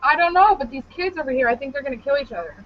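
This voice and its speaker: A young woman with a high, racing voice co-hosts a podcast, telling a story in a loose, animated, profane way and laughing a lot. It's casual comedic storytelling on dull lo-fi podcast audio with slight background noise.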